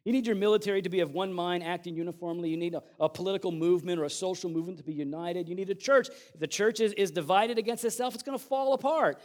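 A man giving an animated, conversational sermon, reading Bible passages with dramatic emphasis. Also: sits high, quick pace, hardly any pauses. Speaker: preacher.

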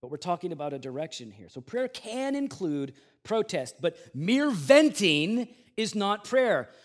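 A man preaching a sermon in a conversational way, moving between loud emphasis and quiet asides. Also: high-pitched, very animated, unhurried. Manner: plays out the grumbling people in a raised voice. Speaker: pastor.

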